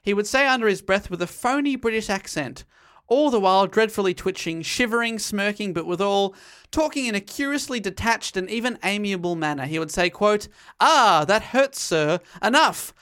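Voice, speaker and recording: Podcast host going through a book plot, middle pitch, laughs a lot, chatty. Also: lively intonation, brisk, few pauses, a bit bright, clear, resonant tone. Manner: recounts the plot with laughter, quoting passages. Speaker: podcast host recapping a novel. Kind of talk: casual chat and story recap.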